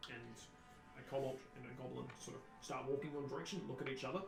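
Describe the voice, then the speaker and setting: A man from New Zealand narrating as game master, relaxed, with frequent restarts. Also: medium pitch, quick pace, vocal fry, reverberant, music in the background, low-quality recording.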